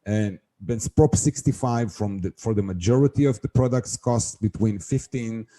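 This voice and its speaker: Mellow-voiced man telling a business story. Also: fairly low pitch, normal speed. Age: middle-aged. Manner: animated storyteller acting out quoted dialogue. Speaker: guest, wholesale seller. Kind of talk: conversational interview storytelling.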